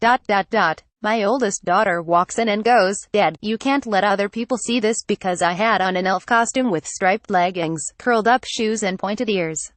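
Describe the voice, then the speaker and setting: A woman's synthetic-sounding voice reads a news article aloud from start to finish, photo credits and quoted punctuation included. The delivery is flat and read-out, at a middle pitch. The sound is dry and close, with no room around it. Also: moderate pace, hardly any pauses, no room sound. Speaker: news reader. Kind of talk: text-to-speech article reading.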